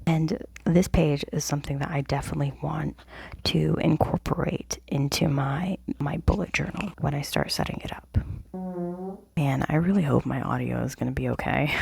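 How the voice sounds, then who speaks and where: A woman whispering a casual vlog walkthrough of her planner at a home desk, in a low morning voice, halting with many fillers. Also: creaky, a little mellow, breathy edge, no room sound. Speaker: planner vlogger. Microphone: desk mic.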